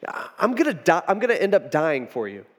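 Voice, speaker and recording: A man playing a calm plainspoken teacher. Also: on the high side, brisk, long reverb tail. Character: calm adult male spiritual teacher.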